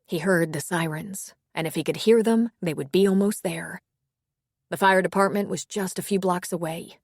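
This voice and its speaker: A woman narrating an audiobook in an even, measured reading. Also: lowish voice, gravelly, no room sound, clean studio sound. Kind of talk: scripted narration.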